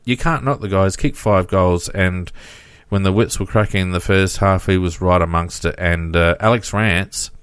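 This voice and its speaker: A man's voice: low voice, moderate pace, fairly bright tone, clean tone, dry recording, studio quality. A man co-hosting a casual football podcast, reading out stats with frequent fillers. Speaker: podcast co-host.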